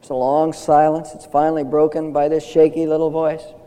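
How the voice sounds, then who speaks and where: A man's voice: a little high, completely flat delivery, brisk, warm tone, long reverb tail, poor audio. An older man preaching a sermon in an earnest way, building up to emphatic declarations. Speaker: pastor.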